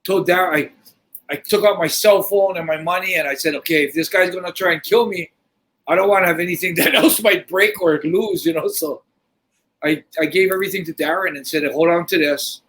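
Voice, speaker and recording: A middle-aged man telling a story in casual podcast talk, animated and swearing freely, often restarting his sentences. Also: high voice, a little fast, rough recording. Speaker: podcast host.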